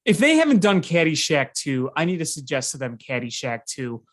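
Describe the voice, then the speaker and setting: Podcast co-host, casual chat, animated, ranting storyteller, medium pitch. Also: normal speed. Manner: animated storyteller, ranting about bad movies.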